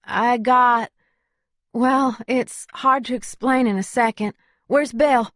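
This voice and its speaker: A woman's voice: on the high side, takes it slowly, a bit bright, no echo, studio quality, pitched above the performer's own voice. A woman doing an earnest, polite young heroine. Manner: earnest, tactful.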